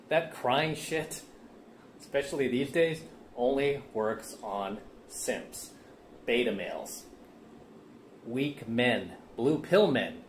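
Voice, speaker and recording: A man giving blunt, lecturing dating advice in casual commentary, often checking with "right?" and "okay?". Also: medium pitch. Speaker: dating coach reacting to a clip. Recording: echoey room with faint ambient noise.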